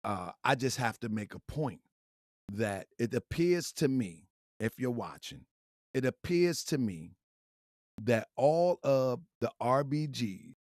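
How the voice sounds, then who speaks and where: A man hosting an online commentary channel, preaching in a fiery, repetitive way that swings from shouting to quiet, laughing apologies. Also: mid-range voice, big pitch swings, slow pace, no room sound, clean studio sound. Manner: preachy, repetitive calls and answers. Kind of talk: fiery talking-head rant.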